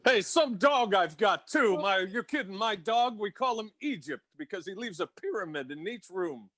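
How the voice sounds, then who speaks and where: A man doing an impression of a self-pitying older stand-up comic, firing off rapid one-liners. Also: sits high, animated, pushed and bright, no room sound, studio quality, heavily acted. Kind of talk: comedy impression.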